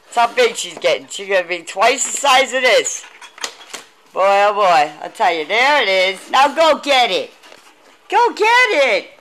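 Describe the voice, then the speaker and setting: A woman's voice: medium pitch, expressive, normal speed, fairly bright tone, slight background noise. A woman filming her dog on a handheld tablet at home by a window, calling to it in a sing-song, coaxing baby-talk voice. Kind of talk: casual home video talking to a dog. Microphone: tablet held in hand.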